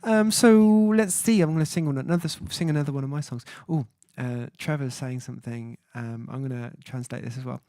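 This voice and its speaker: A man's voice: mid-range voice, fairly quick, few pauses, a little mellow, dry recording, clean studio sound. Chatty man reading his stream chat. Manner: hesitant and chatty, many fillers, sounds out foreign words. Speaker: singer-songwriter hosting his livestream. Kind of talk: casual livestream chat reading out viewer comments. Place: at home, indoors.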